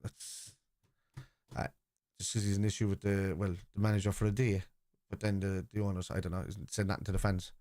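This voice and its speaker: A man's voice: low-pitched, level tone, fairly quick, darkish tone, dry recording, studio quality. A man from Liverpool in casual live-stream chat, rambling and teasing commenters as he reads out messages during a football watchalong.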